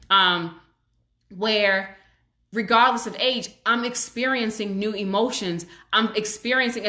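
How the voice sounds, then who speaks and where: A woman's voice: medium pitch, reverberant. A woman who is a child psychologist, hosting a live stream on parenting and talking viewers through their comments in a reassuring way. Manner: warm, reassuring, acts out parent and child voices. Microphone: webcam or phone on a live stream.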